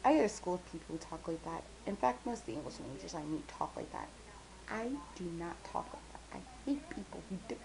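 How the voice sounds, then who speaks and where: A woman's voice: fairly low pitch, very animated, brisk, gravelly, poor audio. A young woman casually vlogging, rambling with lots of fillers, self-deprecating and talkative, sometimes mumbling. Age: young adult. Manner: chatty, self-deprecating, quotes friends in bright squealy voices.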